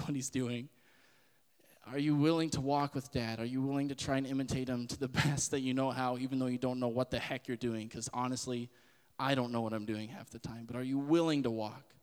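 A man in his twenties acts as a podcast host, giving a casual spoken sermon in a clean, mid-range voice with a big-room sound. He is earnest and conversational, laughing often and using frequent fillers.

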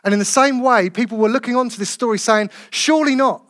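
A man preaches to his church with a fairly high voice. He swings between loud, ringing calls and soft, tender passages. The sound is close and dry, with little room echo. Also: quick pace. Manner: passionate, builds to loud calls then drops soft. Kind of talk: sermon.

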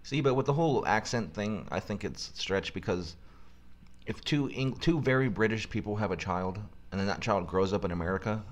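Male podcast co-host, very low voice, blunt casual talk. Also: normal speed. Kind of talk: casual chat.

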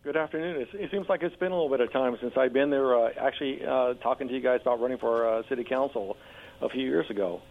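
A man running for local office, talking eagerly in a radio interview, hoarse and losing his voice, with frequent restarts and fillers. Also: mid-range voice, quick pace. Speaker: political candidate guest. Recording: tinny phone line with faint hum.

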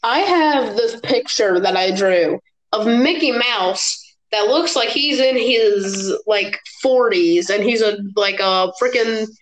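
A woman's voice: on the high side, slow, poor audio. A young woman speaking as a guest on a podcast call, rambling with hesitant restarts. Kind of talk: casual group call chat. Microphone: online voice call.

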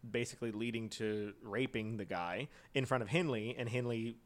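A man's voice: medium pitch, moderate pace. A man co-hosting a comedy podcast, casually telling a true crime story with lots of fillers and frequent laughter. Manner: rambling, many fillers, laughs often.

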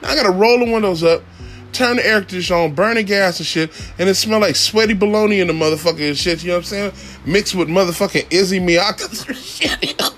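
A man, a father and rideshare driver, telling a profane comic story, shouting high then muttering low. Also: quick pace, soft background music. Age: adult father.

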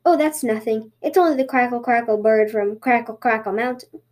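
A woman's voice: on the high side, brisk, a little mellow, close to an everyday voice. A woman voicing a sly male rabbit trickster who sweet-talks in a falsely innocent way.

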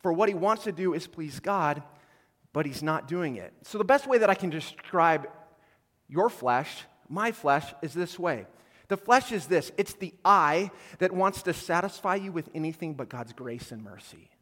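A man preaching a sermon as a pastor, animated, acting out quoted voices and swinging between quiet and loud passages. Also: a little high, normal speed, long reverb tail. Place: church auditorium.

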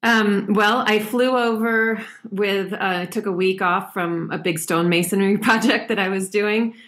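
A woman being interviewed, talking in a relaxed, chatty way and laughing often. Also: medium pitch, normal speed. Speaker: podcast guest, ski mountaineer. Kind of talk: casual interview chat.

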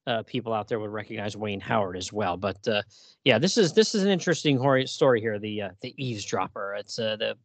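A man's voice: lowish voice, lively intonation, brisk, no room sound. A man co-hosting a podcast, chatting casually and animatedly with lots of fillers and laughter. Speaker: podcast co-host. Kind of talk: casual chat about comics.

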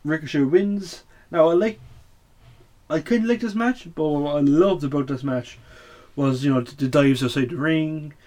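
A man's voice: a little high, moderate pace, darkish tone. Blunt, swearing man recapping. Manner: blunt, swears, opinionated, many fillers. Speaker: wrestling podcast host. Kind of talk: casual weekly show recap.

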